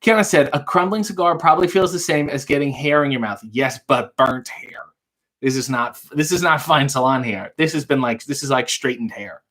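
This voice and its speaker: A man's voice: medium pitch, normal speed, a bit bright. Wry man hosting a late-night livestream. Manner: dry, wry quips answering viewer questions. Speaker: livestream talk show host reading viewer chat.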